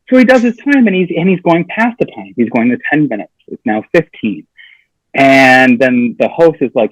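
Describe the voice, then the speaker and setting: A man's voice: medium pitch, moderate pace, no room sound, poor audio. A man telling a funny story on a podcast, acting out the lines of the people in it. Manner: animated storyteller acting out quotes. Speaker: comedian guest.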